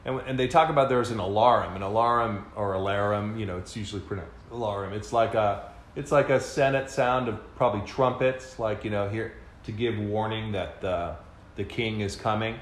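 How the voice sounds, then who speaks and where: A man's voice: lowish voice, normal speed. A man co-hosting a podcast, explaining at length in a casual way with many fillers and restarts. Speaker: podcast co-host. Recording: echoey room, faint background noise.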